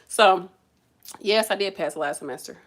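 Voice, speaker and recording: A woman in casual chat with her viewers, speaking. She vents in an animated way and keeps calling them y'all. Her pitch sits in the middle of the range. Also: normal speed. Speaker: nursing student vlogger.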